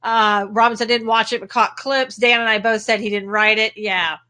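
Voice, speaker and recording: A woman's voice: a little high, fairly even intonation, normal speed, bright, forceful tone. A woman with a Texan accent hosting a casual livestream, chatting and greeting viewers by name as she talks. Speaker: livestream host. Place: home in Texas.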